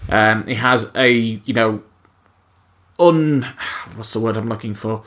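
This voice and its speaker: A man's voice: lowish voice, slow pace, a bit bright. Hesitant man chatting on a podcast. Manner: hesitant, searching for words. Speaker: podcast co-host. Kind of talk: casual podcast chat.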